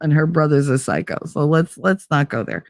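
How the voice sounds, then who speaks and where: A woman in her forties telling a casual late-night story on a stream, animated and swearing freely as she acts out quoted voices. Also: deep voice, brisk, no room sound, clean studio sound.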